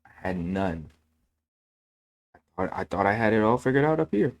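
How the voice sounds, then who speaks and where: Earnest low-voiced man preaching casually. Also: sing-song, normal speed. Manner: self-correcting, fillers like "man". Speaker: channel host sharing faith. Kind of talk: casual faith talk.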